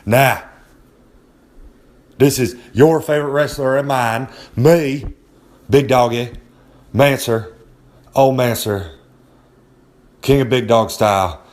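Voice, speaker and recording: A man's voice: mid-range voice, takes it slowly, pauses often, a little mellow, natural voice. A man playing a brash, boastful pro wrestler persona in a rambling comedic monologue, cocky and talking down to his listeners. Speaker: recurring segment host.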